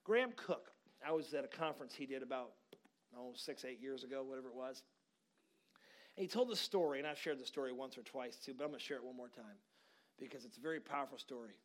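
A man's voice: mid-range voice, fast. A man preaching a sermon, telling a story conversationally and building to emphatic encouragement. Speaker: pastor.

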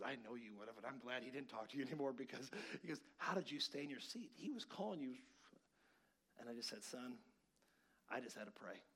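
A man in his forties preaching a sermon, telling a personal story with lively swings between hushed and loud moments. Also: medium pitch, breathy edge. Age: 40s. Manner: animated storytelling, acts out quarrels with sudden loud outbursts. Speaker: pastor.

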